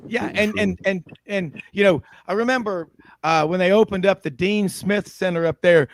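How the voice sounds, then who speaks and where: Male sports host, high pitch, dry studio sound, chatty, laughs a lot. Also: moderate pace, no echo. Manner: chatty storyteller doing impressions, laughs often. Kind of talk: casual roundtable chat.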